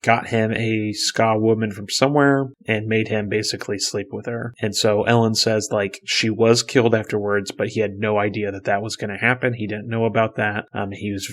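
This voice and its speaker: Low-voiced man casually retelling a story. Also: flat delivery, normal speed, hardly any pauses. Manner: loose retelling full of fillers and restarts. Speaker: podcast co-host. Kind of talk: casual book discussion.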